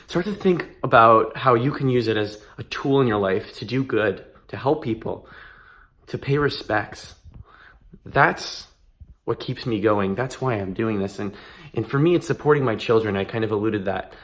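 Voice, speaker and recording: A man's voice: lowish voice, measured pace, fairly bright tone. A man in his twenties talking earnestly in a casual vlog, emphatic and given to restarts. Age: 20s. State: emotional, close to tears. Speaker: vlogger.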